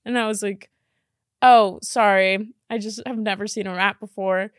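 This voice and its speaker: A woman's voice: medium pitch, little pitch movement, a little fast, fairly bright tone, dry recording, studio quality. A young woman hosting a podcast, chatting casually and rambling, laughing often and saying "like" a lot. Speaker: podcast host. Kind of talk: casual chat.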